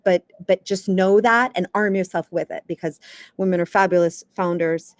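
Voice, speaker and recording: A woman from the US East Coast, a communication coach giving advice as an interview guest in a lively, emphatic way, sometimes stammering as she restarts. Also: mid-range voice, no room sound, clean studio sound. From United States East Coast.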